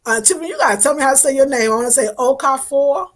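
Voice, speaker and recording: A woman's voice: high voice, animated, rapid-fire, fairly bright tone. Gushing, affectionate woman livestreamer. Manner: effusive and affectionate, thanking viewers by name; emotional, voice wavering at times. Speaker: livestream host reading viewer comments. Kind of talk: casual livestream chat.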